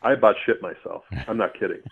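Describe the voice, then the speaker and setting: Man, lowish voice, earthy and animated storyteller, heard over a tinny phone line. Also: quick pace, gravelly, husky. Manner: earthy, animated, with mild swearing. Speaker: storyteller guest. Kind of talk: casual spoken storytelling.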